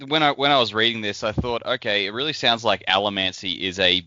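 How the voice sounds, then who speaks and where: Co-host, male, low and sharp-edged voice, rambling, swears casually. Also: quick pace, muffled recording. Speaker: podcast co-host. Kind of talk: casual book discussion.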